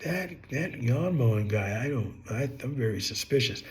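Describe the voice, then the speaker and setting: A man's voice: medium pitch, expressive, normal speed, natural voice. A man doing a curt, suspicious tax inspector.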